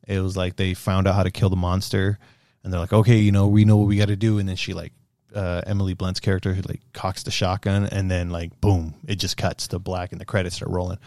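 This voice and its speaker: A young man casually reviewing a movie, rambling and animated, with fillers and swearing. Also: low-pitched, brisk, dry recording, clean studio sound.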